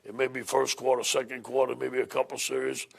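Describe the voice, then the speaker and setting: Gravelly, husky head football coach. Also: male voice, medium pitch, flat delivery, brisk. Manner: plain-spoken, repeats and restarts words. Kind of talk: press conference.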